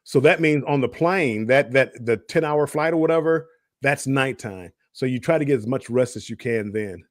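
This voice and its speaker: Man, middle-aged, rambling, restarts a lot, casual live-stream chat, mid pitch, dry close sound. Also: normal speed, no echo. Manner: rambling, many restarts and repeated words. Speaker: cruise show co-host.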